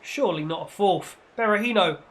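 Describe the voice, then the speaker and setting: High-voiced, excitable gamer. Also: male voice, fairly quick. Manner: excitable, breaks into mock-commentator shouts. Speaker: gaming channel host. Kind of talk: playful football commentary over gameplay.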